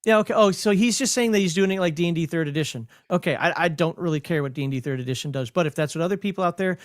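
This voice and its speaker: A man's voice: on the high side, racing, no room sound, studio quality. A man with a Minnesotan accent hosting a casual livestream, explaining game rules while rambling, correcting himself and laughing often.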